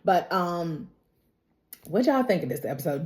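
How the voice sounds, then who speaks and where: A woman's voice: fairly low pitch, lively intonation, a little slow, long pauses, darkish tone. A woman talking to camera in a casual, emotional recap of a TV drama episode, chatty, with frequent "like" and "y'all". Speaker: TV episode reviewer.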